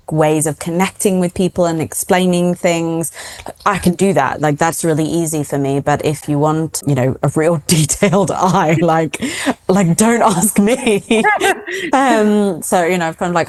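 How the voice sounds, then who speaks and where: An English woman, middle-aged, chatting as an interview guest in an animated, laughing, self-deprecating way. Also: sits low. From England. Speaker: guest, founder of an adult dyslexia organization. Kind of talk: casual interview chat.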